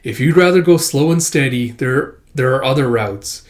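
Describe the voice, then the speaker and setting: A man voicing a calm, teasing male storytelling master who speaks in measured, slow phrases. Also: mid-range voice, lightly acted.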